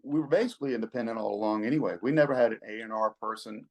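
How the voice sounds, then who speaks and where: A middle-aged man, a rock singer-songwriter telling stories in a relaxed interview, folksy and quick to chuckle. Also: on the low side, rough recording. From American South. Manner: laid-back, folksy, chuckles often, repeats words when excited.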